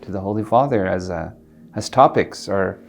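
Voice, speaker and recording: Middle-aged man with a lowish voice, an earnest and reflective interviewee who speaks haltingly. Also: vocal fry, faint music behind. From Alberta, Canada. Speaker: interviewee, community leader. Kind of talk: personal storytelling interview.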